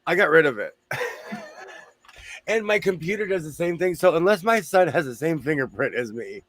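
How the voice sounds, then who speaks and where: A man's voice: a little high, expressive, moderate pace, fairly bright tone. A man hosting a casual chat, joking around while losing his voice. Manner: chatty, joking asides. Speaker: host.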